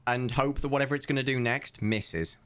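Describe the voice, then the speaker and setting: A man's voice: mid-range voice, steady tone, fairly quick, a bit bright, clear, resonant tone. A man playing a tabletop game, joking around in casual chat. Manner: playful, jokey reactions. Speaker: player.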